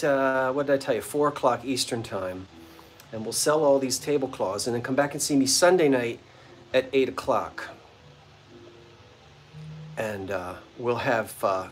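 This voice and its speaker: A man's voice: mid-range voice, slight background noise. A man hosting a vintage-goods live stream from a house's front porch, chatting playfully and joking with his viewers. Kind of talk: casual live-stream chat. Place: front porch of an old bungalow at sunset.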